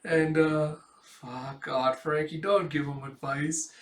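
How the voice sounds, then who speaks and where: Chatty guy reading a manga, slightly high voice, echoey room, mic kinda far. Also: fairly even intonation, takes it slowly. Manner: chatty, laughing, many fillers. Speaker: host. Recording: roomy sound from a distant mic.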